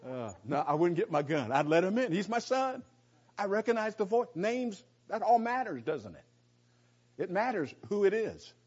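A man's voice: on the high side, a little mellow, husky. Emphatic middle-aged man teaching Bible, lo-fi. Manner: emphatic, repeats phrases, asks rhetorical questions; restarts sentences, folksy asides. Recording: dull lo-fi recording.

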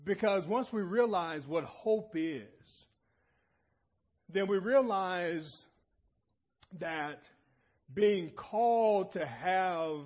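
Male preacher, fairly high husky voice, emphatic sermon style, dull lo-fi recording. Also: drawn-out words, long pauses, a little mellow. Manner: emphatic, calls out to the congregation with questions. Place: church assembly hall.

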